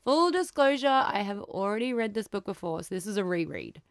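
A woman's voice: medium pitch, sing-song, moderate pace, no echo, studio quality. A woman librarian hosting a book podcast, chatty and enthusiastic, laughing often as she talks. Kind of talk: casual book chat. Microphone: studio microphone.

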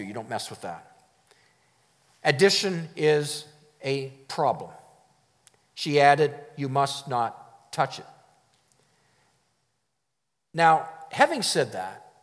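A man's voice: a little high, long reverb tail. A man preaching a sermon. He speaks emphatically, repeats his key phrases and chuckles now and then.

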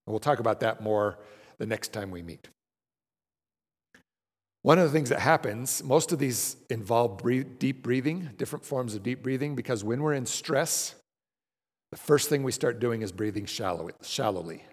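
A man of middle pitch leads a group through breathing exercises and recitation in a large room. His casual, conversational teaching keeps checking in with the listeners, and a long hall reverb trails his voice. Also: lively intonation, moderate pace, husky. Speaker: class leader.

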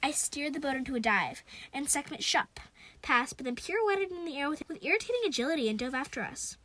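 High-voiced woman reading a story aloud. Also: expressive, quick pace, fairly bright tone. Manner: chatty asides between passages. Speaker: reader.

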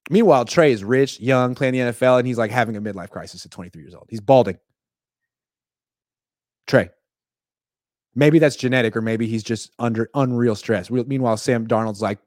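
A man giving casual, jokey sports commentary with quick, animated asides. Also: mid-range voice, dry recording, clean studio sound.

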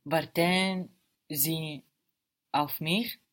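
A woman student answers in a language lesson, her voice slightly low. She speaks very slowly and tentatively, piecing each reply together word by word. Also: fairly even intonation.

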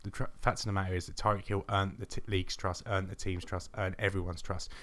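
A man hosting a podcast in casual chat, brisk and matter-of-fact with self-deprecating jokes. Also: low voice, level tone, a bit bright. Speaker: podcast host.

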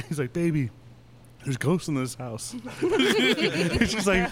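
A giggly man tells a casual story in a rambling way, packed with fillers and frequent laughs. His high voice is expressive and fairly bright, and he speaks a little slowly.

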